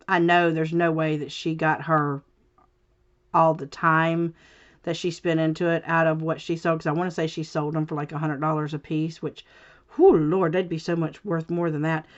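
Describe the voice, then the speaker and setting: A woman's voice: lowish voice, a bit bright, dull audio. A woman chatting casually while she crafts at home, rambling along with lots of fillers and restarts. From Southern United States. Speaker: crafting channel host. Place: home, indoors.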